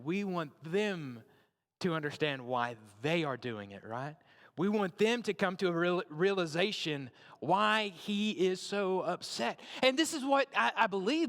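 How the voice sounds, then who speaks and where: Male preacher, high-pitched, chatty sermon delivery; long church reverb. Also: fairly bright tone. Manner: conversational, repeats and checks in with "right?".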